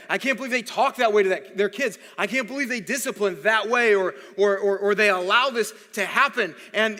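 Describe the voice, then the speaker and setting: A man's voice: high voice, pushed and bright, big-room sound. A man preaching a sermon as pastor, conversational and often repeating words while he thinks. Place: church hall.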